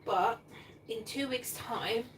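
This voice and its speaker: A fairly high-voiced woman chatting away on a live stream from her kitchen. She talks excitably, rambling from one thought to the next. The mic sits a little distant, with clear household noise behind her. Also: slow pace. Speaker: cooking livestream host. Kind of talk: casual live-stream chat. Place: home kitchen.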